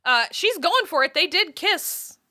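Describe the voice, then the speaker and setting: A woman co-hosting a podcast, chatting casually through a TV episode recap with quick asides. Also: very high voice, sing-song, pushed and bright. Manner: chatty, quick asides, laughs between points. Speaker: podcast co-host.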